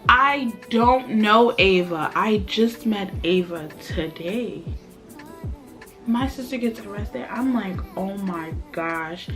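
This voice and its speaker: A young woman, a vlogger telling a storytime tale with animated delivery and acted-out quotes. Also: medium pitch, slow pace, faint music behind. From Brooklyn, New York. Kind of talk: storytime chat.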